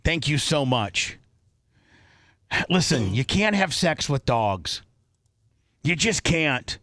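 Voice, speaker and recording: Bright-voiced, emotional male radio host. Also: on the high side, big pitch swings, slow, no room sound, clean studio sound. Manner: emotional, rambling, with many restarts. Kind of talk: live radio talk show, reading listener donations. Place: radio studio. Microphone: studio microphone.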